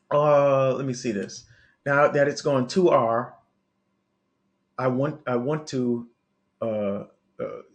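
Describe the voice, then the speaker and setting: A man teaching forex trading on a live stream, thinking aloud over his charts with many restarts and coaching his viewers directly. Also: medium pitch. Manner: coaching, talks straight to viewers. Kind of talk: live market analysis stream.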